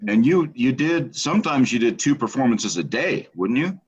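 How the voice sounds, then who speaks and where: A man's voice: medium pitch, very animated, moderate pace, slightly rough. A man co-hosting a podcast in casual chat, chatty and teasing. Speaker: podcast co-host. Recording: dull lo-fi podcast audio.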